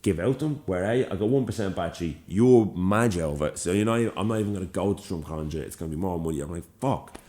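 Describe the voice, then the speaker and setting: Young man, Dublin accent, very deep voice, animated swearing storyteller, podcast co-host. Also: fast, few pauses. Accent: Dublin Irish. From Ireland. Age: young adult. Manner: animated storyteller, swears freely, acts out quoted lines. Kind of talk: casual storytelling chat.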